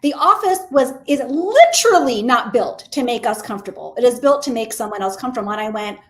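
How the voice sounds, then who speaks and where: A woman's voice: on the high side, lively intonation, brisk. A middle-aged woman co-hosting a casual mentoring discussion, speaking emphatically and persuasively and acting out quoted thoughts. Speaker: mentor and co-host.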